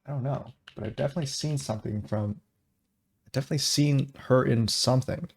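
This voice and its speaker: A man's voice: medium pitch, fast talker, vocal fry, husky. A young man co-hosting a podcast in casual chat, teasing and joking dryly. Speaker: podcast co-host.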